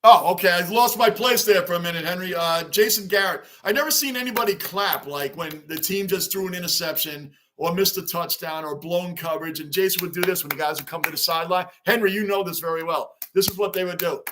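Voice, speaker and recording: High bright-voiced guy rambling on his sports stream, greeting chat by name. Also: fairly quick, hardly any pauses, a little hiss or hum. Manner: chatty, animated, talks to chat viewers by name. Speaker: livestream host. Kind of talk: casual sports livestream chat.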